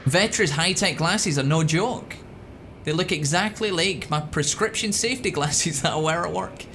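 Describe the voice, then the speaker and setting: Crude, excitable high-voiced gamer. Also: male voice, normal speed, a little hiss or hum. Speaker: let's play host. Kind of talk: profane gameplay commentary.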